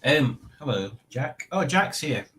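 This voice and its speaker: A man's voice: medium pitch, sing-song, takes it slowly, a bit bright. A man hosting a casual livestream, chatting and rambling to his viewers in a self-mocking way. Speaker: livestream host. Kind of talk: casual chat.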